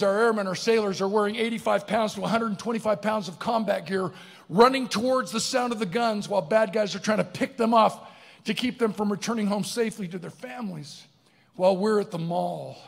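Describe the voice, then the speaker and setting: High, gravelly male keynote storyteller. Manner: comic, animated storyteller acting out voices. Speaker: keynote speaker. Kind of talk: motivational storytelling speech. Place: large barn event venue, live audience. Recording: long hall reverb.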